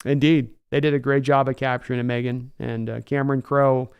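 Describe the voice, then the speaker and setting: A man's voice: mid-range voice, flat delivery, brisk, clean tone, highs cut off. A man hosting a sports livestream in a casual, enthusiastic and rambling way, often restarting his words. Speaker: sports podcast host reading live chat.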